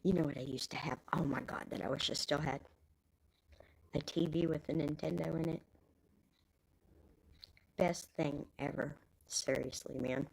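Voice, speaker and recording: A woman's voice: sits low, steady tone, normal speed, vocal fry, long pauses, breathy edge, poor audio. A Texan woman in her fifties with grandkids, rambling casually in folksy talk as a live stream host. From Texas.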